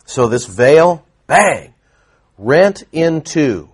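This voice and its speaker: A male pastor preaching a sermon, emphatic and animated, firing off rhetorical questions. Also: a little high, drawn-out words, breathy edge.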